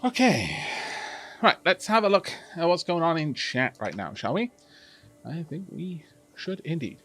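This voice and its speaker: A man's voice: fairly high pitch, very animated, unhurried, a bit bright, soft background music. A Welsh man chatting casually to his live-stream audience while playing a strategy game, rambling along with many restarts.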